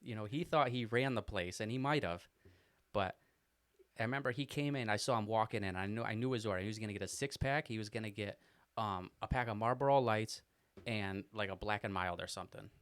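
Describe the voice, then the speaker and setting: Young male co-host, animated, rambling storytelling chat. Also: lowish voice, fairly quick, no echo, studio quality. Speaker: podcast co-host.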